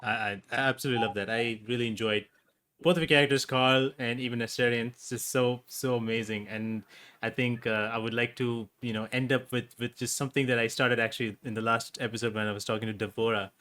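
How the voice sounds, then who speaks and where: A man's voice: mid-range voice, fairly even intonation, fast, a bit bright. A male interview host with a mid-range voice who feels his way into each question, stopping and restarting as he goes. He sounds casual and friendly. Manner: hesitant, full of fillers and restarts.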